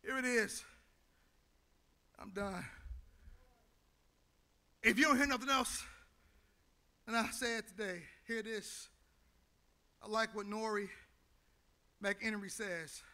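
A male pastor preaching a sermon in a church, his delivery building into shouted, half-sung lines. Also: high voice, slow pace, pauses often.

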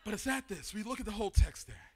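Preacher guy with a really high voice, goes from shouting to hushed, church sermon. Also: animated, fast. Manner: swings between shouted exhortation and hushed reading.

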